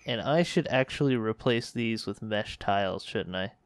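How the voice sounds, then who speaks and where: A man's voice: on the low side, normal speed. A man hosting a let's play, thinking aloud and correcting himself as he manages a space colony game. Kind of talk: casual gameplay commentary.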